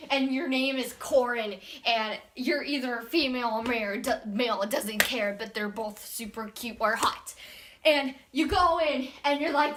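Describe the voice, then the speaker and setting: A woman with a high voice rambles through a casual recap of a game's story, acting out each character's lines and restarting often. A steady hiss of background noise sits clearly under her voice. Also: measured pace. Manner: rambling, acts out quoted lines, frequent restarts. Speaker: gaming channel host.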